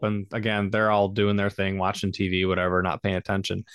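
A low-pitched man tells a family story in a relaxed podcast chat, earnest and reflective with a jokey streak. His voice sits close and dry on the mic. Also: fairly quick, smooth, no room sound. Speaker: podcast co-host, husband.

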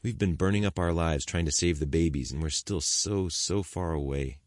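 A man's voice: low-pitched, normal speed, no echo, studio quality, natural voice. A man doing a weary male activist, scripture-quoting. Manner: quotes scripture, pleading then tired.

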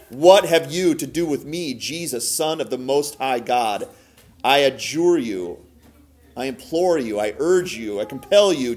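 Animated man teaching scripture. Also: on the high side. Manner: conversational, asks listeners rhetorical questions; emphatic, swings between loud and soft. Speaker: podcast host teaching scripture. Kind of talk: casual Bible teaching.

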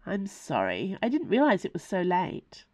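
A woman's voice: fairly low pitch, huge pitch swings, moderate pace, a little mellow. A woman voicing a polite, flustered young lady of good family who speaks a little breathlessly in a storybook reading.

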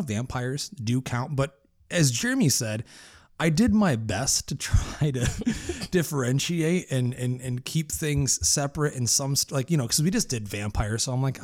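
A man hosting a podcast, chatting casually in an enthusiastic, joking and profane way. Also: medium pitch. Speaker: podcast host. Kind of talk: casual chat.

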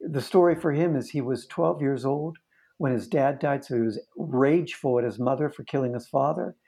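A man's voice: medium pitch, moderate pace, gravelly, dark tone. A man who works as a therapist recounts a case in conversation, telling it earnestly and vividly and often restarting his sentences. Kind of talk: storytelling in conversation.

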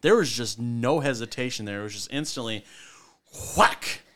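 A man's voice: mid-range voice, fairly quick, a crowd in the background. A man co-hosting a podcast, enthusiastically recapping a horror film and swearing freely. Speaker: podcast co-host. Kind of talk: casual movie recap chat.

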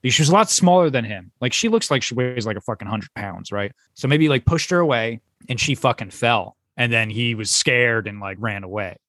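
A man's voice: medium pitch, lively intonation, a little fast, few pauses, fairly bright tone, dry recording. A man co-hosting a podcast in casual chat, talking in a chatty, skeptical way. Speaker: podcast co-host.

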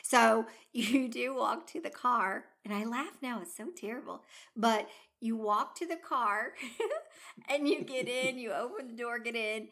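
Animated woman telling a story. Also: on the high side, measured pace. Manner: animated storyteller, acts out her own gasps and quotes. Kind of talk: casual chat.

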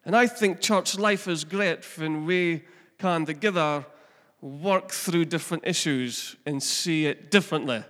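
A man's voice: fairly high pitch, unhurried, a bit bright, in a large hall. A middle-aged man, preaching a chatty sermon that asks the congregation questions and mixes in family stories. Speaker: pastor. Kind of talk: conversational sermon.

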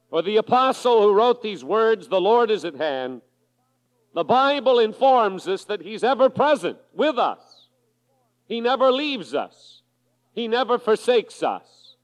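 A man with a high voice preaches slowly and deliberately, giving each phrase room. He reads scripture to his congregation and then explains it. The 1980s recording carries the long reverb of a large church sanctuary. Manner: measured preaching, reading scripture aloud to a congregation. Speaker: pastor. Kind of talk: sermon.

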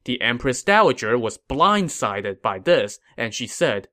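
A man's voice: medium pitch, sing-song, a little slow, few pauses, bright, forceful tone. A man hosting a history podcast, narrating from a script in a storytelling way with casual asides.

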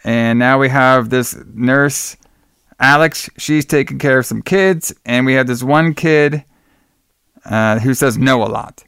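A man's voice: medium pitch, slow pace, a bit bright, clean tone, no echo, clean studio sound. An American man co-hosting a podcast, recapping a film in casual, profane, joking chat. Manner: blunt, profane, jokey, says "brother" a lot. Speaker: podcast co-host. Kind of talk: casual movie review chat.

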